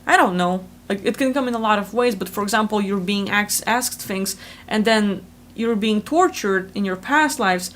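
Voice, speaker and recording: A woman hosting a spiritual channel, talking fast and rambling in a casual explanatory monologue full of fillers, recorded over a video call. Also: medium pitch, a little hiss or hum.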